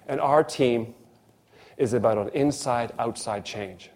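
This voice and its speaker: A man's voice: medium pitch, measured pace. A man preaching a sermon, telling a story and acting out the dialogue. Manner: animated storyteller, acts out dialogue.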